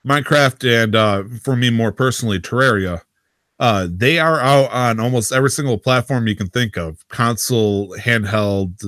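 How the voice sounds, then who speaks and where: A man's voice: fairly bright tone, no room sound. Joking man on a dry podcast mic. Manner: joking, drawn-out uhs, jumpy pitch when joking. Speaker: podcast co-host. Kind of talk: casual gaming podcast chat.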